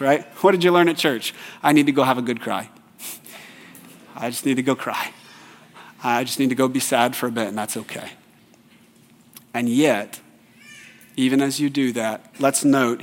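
Thirtysomething guy preaching, chatty, tells stories from his own life, church hall echo hanging on every word. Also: mid-range voice. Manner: conversational, with personal stories. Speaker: pastor. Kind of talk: sermon.

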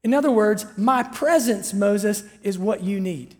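God as a calm, commanding male figure speaking in an even, instructive way, voiced plainly by a preacher, with the sound trailing off into a long hall reverb. The delivery stays close to an everyday speaking voice. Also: mid-range voice, measured pace, lightly acted. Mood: earnest.

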